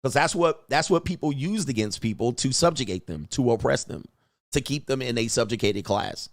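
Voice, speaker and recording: Brief: man, mid-pitched, coach hosting a livestream; blunt, emphatic, swears freely. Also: lively intonation, normal speed, dry recording. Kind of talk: livestream commentary reading chat.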